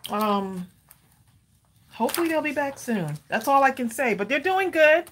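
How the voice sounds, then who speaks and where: A woman's voice: high-pitched, big pitch swings, normal speed, a bit bright, slight background noise. A woman hosting a casual live crafting stream at home, chatty and rambling with many ums and easy laughter. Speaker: livestream crafting host.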